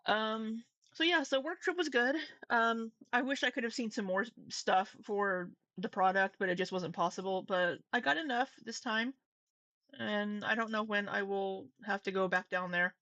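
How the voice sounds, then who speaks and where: A woman's voice: medium pitch, normal speed, fairly bright tone, dry recording. A woman with a runny nose chatting casually on a live stream at home, rambling, greeting viewers and laughing easily. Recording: slightly dull lo-fi stream audio.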